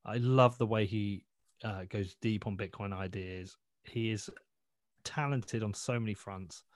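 A man's voice: on the low side, no room sound, studio quality. A man talking as a podcast guest in a blunt, sweary, rambling way, often restarting his sentences. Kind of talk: casual interview chat.

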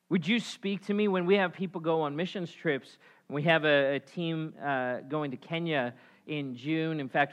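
A male pastor preaching with a bright, forceful voice pitched a little high. He swings from loud, emphatic calls to quiet, low asides to the congregation. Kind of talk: sermon.

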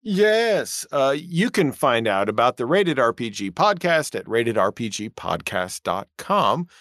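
A man's voice: medium pitch, a little slow, no room sound. A man who runs a tabletop game, a guest on a podcast, chatting casually with dry jokes. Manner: dry joking, lively intonation. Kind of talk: casual chat.

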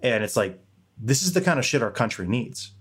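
A man's voice: mid-range voice, very animated, fairly quick, fairly bright tone, husky. A young man co-hosting a podcast, talking candidly in a rambling way and swearing casually. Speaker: podcast co-host.

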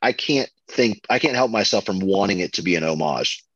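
A man co-hosting a podcast, chatting casually and excitedly about a film, full of fillers and restarts. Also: deep voice, a little fast, husky, no room sound, highs cut off. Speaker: podcast co-host.

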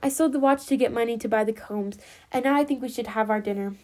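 A woman voicing a quiet, gentle young husband who speaks in a calm, measured way in a storybook reading. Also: on the high side, close to an everyday voice.

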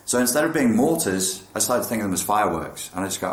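Deep-voiced man talking frankly. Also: expressive, fast, few pauses, roomy sound. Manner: frank, swears, acts out thoughts in quotes. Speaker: meditation and mental health talker. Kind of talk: casual spoken talk on meditation.

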